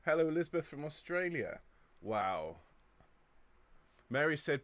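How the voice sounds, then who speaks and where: A chatty man from England hosting a choir live stream, greeting viewers and reading out their comments in a relaxed, upbeat way. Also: mid-range voice, normal speed, no room sound. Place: indoor room overlooking a square.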